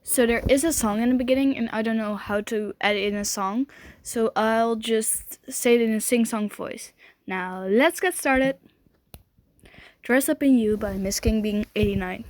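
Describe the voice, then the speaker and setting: A woman reading a fan audiobook at home, casual and a touch nervous. Her voice sits fairly high and sounds close and dry. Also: moderate pace, no room sound. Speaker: podfic reader. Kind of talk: amateur fanfiction audiobook.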